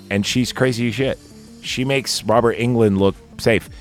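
A man casually recapping a slasher movie on a podcast, rambling and swearing, slipping into high quoted voices. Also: steady tone, measured pace, soft background music. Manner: profane, rambling, jumps into squeaky quoted voices. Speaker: podcast host.

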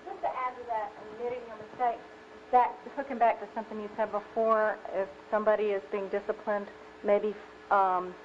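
A woman adding a personal story to a parenting talk, earnest and halting in long run-on sentences. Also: mid-range voice, little pitch movement. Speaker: co-presenter, speaker's wife. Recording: dull lo-fi recording with faint noise.

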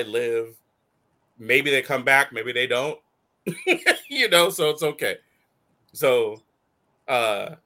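A man's voice: mid-range voice, bright, forceful tone. A man hosting a casual call-in talk show, riffing animatedly with frequent laughs. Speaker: host. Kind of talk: casual chat.

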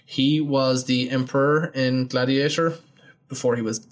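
A man's voice: medium pitch, fairly even intonation, unhurried. A man hosting a casual chat, explaining things in a chatty way with teasing asides and filler ums.

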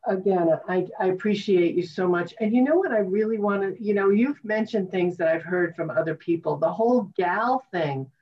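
A woman hosting a talk show, speaking slowly in an emotional, appreciative way. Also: medium pitch. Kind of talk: interview conversation. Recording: distant, dull lo-fi sound.

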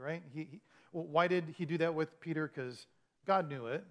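Preaching through a humorous story from his own life, a pastor mocks himself as he acts out his frustration in this storytelling sermon. He has a fairly high-pitched voice and keeps a moderate pace.

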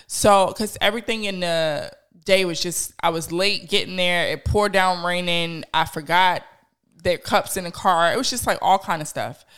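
A woman podcast host, telling stories in slangy, animated casual chat. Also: on the low side, normal speed, clean tone. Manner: animated storyteller, slangy, laughs.

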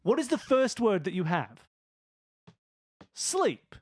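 A man playing a tabletop game guesses aloud at charades clues. His pitch swings widely, and he flips between muttering and loud, exasperated commands. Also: expressive, moderate pace. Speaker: player.

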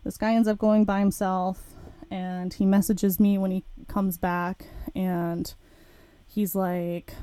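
Speaking slowly, with a medium pitch and clean tone on a dry recording, a young woman podcast host recounts a personal story. She's candid and talkative, bringing the tale to life by acting out what she was thinking as quoted asides.

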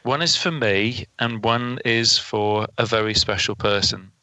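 A man's voice: lowish voice, measured pace, sharp tone, dry recording, poor audio. A man on a panel, chatting in a polite, playful way. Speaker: panel guest. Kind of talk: casual panel chat.

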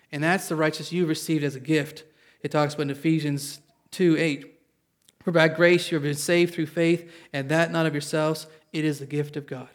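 Slightly high-voiced preaching man. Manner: earnest preaching that asks the congregation for an amen; reads scripture aloud and explains it in plain talk. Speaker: pastor. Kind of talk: sermon.

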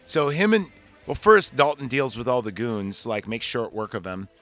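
A man's voice: medium pitch, moderate pace, faint music behind. A man hosting a podcast, chatting casually and swearing a lot as he retells a movie in a loose, rambling way. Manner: rambling, profane, animated retelling. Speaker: podcast host reviewing a movie. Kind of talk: casual chat.

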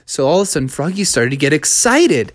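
A podcast storyteller reading a children's story in a relaxed, rambling way with fillers. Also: mid-range voice, fairly quick, dry recording, studio quality.

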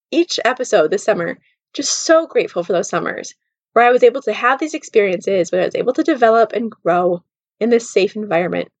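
A woman's voice: a little high, no room sound. A woman hosting her own show, telling a personal story in a casual, chatty way with plenty of "like" fillers. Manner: casual, lots of "like" fillers, laughs while telling. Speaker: podcast host.

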